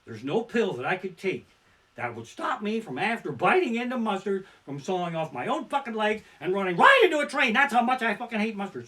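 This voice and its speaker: A man doing stand-up storytelling from his living room, ranting and swearing as he swings between muttered asides and loud outbursts. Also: high voice. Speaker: stand-up comedian. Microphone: barebones home setup.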